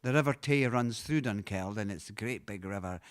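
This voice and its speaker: A man's voice: lowish voice, moderate pace. A Scottish singer-songwriter chatting between songs on his own live show, rambling and hesitant with lots of fillers, patiently explaining things to his listeners. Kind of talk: casual chat between songs. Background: guitar.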